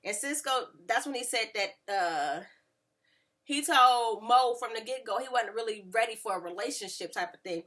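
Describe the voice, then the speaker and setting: A woman, casually recapping a reality show and acting out quotes with lively voices. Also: a little high, moderate pace. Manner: animated, mimics people in quotes. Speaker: reality TV reviewer.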